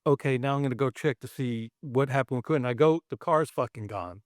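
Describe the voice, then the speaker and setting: A middle-aged man from Brooklyn, guest on a podcast, telling an animated, profane anecdote. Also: mid-range voice, a little fast, dry recording, clean studio sound. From Brooklyn, New York. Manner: animated, profane storyteller acting out quotes. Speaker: guest, special effects artist. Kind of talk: storytelling anecdote in a podcast interview.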